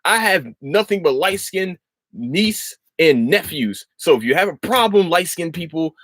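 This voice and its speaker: A podcast host with a higher-pitched voice talks a little slowly in a recording with no room sound. He rambles casually and animatedly, swears a lot, and keeps restarting his sentences.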